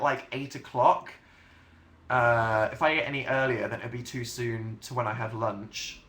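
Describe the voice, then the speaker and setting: A man's voice: mid-range voice, fairly bright tone. A young English man hosting a casual livestream, rambling and self-mocking as he answers chat questions. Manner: rambling, self-mocking, chatty with frequent laughs. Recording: roomy home webcam sound.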